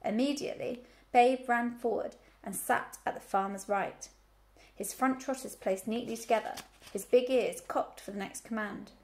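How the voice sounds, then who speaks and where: A woman teacher reading a children's novel aloud to her class. Her storytelling is clear and expressive, her voice sits a little high and carries a gravelly texture. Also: normal speed.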